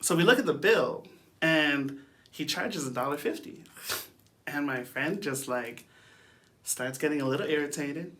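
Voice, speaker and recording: A man's voice: a little high, a little slow, pauses often, sharp tone, slight background noise. A young man giving a casual youth talk, telling a story in a chatty way, with lots of fillers and asides and frequent laughs. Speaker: youth speaker.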